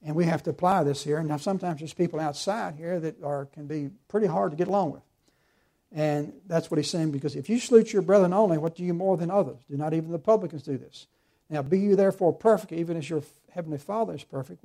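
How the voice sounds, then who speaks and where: A man's voice: fairly high pitch, mellow. A pastor preaching an earnest, emphatic sermon, quoting scripture and calling his listeners to forgive.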